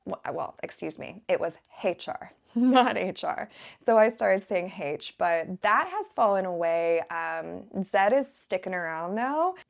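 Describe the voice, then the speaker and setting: An American woman from the Southern United States, an English teacher chatting casually to camera in a relaxed, rambling way and laughing often. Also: fairly low pitch, a little slow, creaky.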